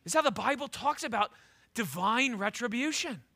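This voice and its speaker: Emphatic preacher man, high bright voice. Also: animated, moderate pace, creaky. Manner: emphatic preaching, swings from loud to low and intense; repeats words when starting a thought. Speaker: pastor. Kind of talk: sermon.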